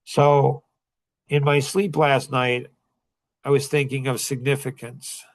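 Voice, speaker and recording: A man hosting a casual group chat, telling animated stories, his voice jumping high when he gets excited. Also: slow pace. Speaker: host.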